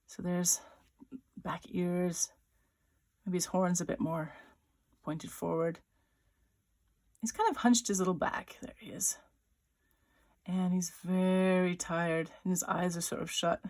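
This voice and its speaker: Her voice is lowish, a little mellow, with fairly even intonation. A woman illustrator and writer leads a drawing lesson, talking as she draws in a chatty, playful way, adding small sound effects, with pauses and restarts along the way.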